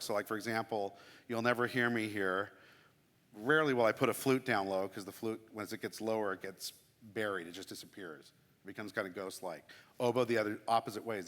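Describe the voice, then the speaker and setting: A man's voice: on the low side, a bit bright. A man, a church music director, chatting casually and enthusiastically about his craft. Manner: enthusiastic, chatty, self-deprecating asides. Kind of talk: casual explanatory talk. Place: church sanctuary. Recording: long hall reverb.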